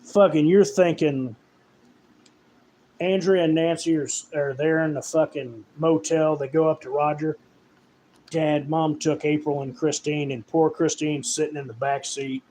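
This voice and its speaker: Profane rambling man with a higher voice. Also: gravelly, darkish tone, a little hiss or hum, rough recording. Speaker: horror writer and reviewer. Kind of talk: casual rant.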